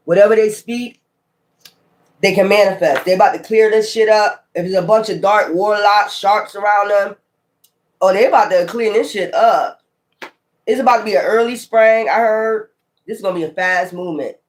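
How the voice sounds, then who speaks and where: Brief: a profane, animated tarot reader with a mid-pitched voice, talking through the cards. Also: moderate pace. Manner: animated, profane, calls listener child. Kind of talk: casual tarot reading.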